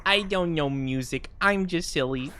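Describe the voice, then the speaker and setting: A young man chatting casually on a live stream, rambling and self-deprecating, often jumping into high squeals. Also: a little slow, sharp tone, slight background noise.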